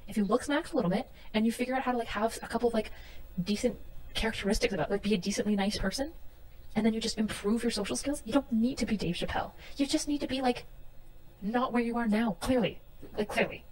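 Brief: woman streamer, slightly high voice, ranting and lecturing, heard off-mic. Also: fast, darkish tone. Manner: exasperated, profane, lecturing. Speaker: livestreamer. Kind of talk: heated stream rant. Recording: distant mic with faint room noise.

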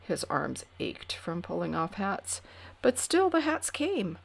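Slow, expressive woman reading a storybook. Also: fairly low pitch, vocal fry. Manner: expressive, hushing to whispers for suspense. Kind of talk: reading a picture book aloud.

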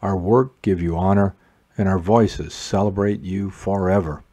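Low husky man reciting morning prayer. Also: steady tone, mellow. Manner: measured liturgical recitation. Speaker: prayer leader.

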